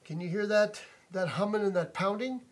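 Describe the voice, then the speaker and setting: Husky-voiced man ranting at home. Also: high-pitched, moderate pace. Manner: indignant, repeats himself, swears often. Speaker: vlogger complaining about a noisy neighbor. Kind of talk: angry profane rant to camera. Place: inside his house.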